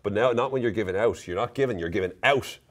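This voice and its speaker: This is an Irish man with a deep, low-set voice, giving a casual to-camera explainer of everyday Irish expressions. He keeps it light and teasing, breaking into laughter at his own jokes. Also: quick pace. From Ireland. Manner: playful, jokey, laughs at himself. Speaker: presenter explaining Irish slang.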